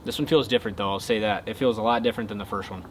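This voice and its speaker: Fast-talking young man telling a story. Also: on the low side, a little hiss or hum. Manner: excitable retelling, quieter and earnest when talking faith. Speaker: golf content creator. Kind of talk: casual storytelling to camera.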